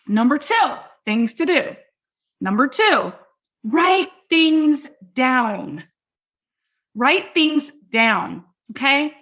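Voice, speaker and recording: A middle-aged woman hosting a podcast, coaching listeners on sales in a loud, hypey, direct way. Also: high-pitched. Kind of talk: energetic teaching monologue.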